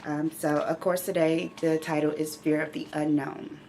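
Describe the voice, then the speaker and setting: Middle-aged woman host, emotional and direct, low and gravelly, faint background hiss. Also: flat delivery, normal speed, darkish tone. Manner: emotional, speaks directly to viewers. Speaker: channel host living with myeloma. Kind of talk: heartfelt casual vlog talk.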